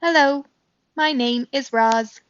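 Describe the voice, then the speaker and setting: A woman voicing a calm, polite female robot who speaks in a formal, measured way in a storybook reading. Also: high-pitched, dry recording, pitched above the performer's own voice. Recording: dull dry recording.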